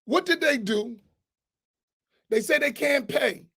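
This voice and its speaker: A man's voice: extremely high pitch, animated, slow, fairly bright tone. A man, an imam, giving a class talk at a mosque in a blunt, emphatic, everyday way.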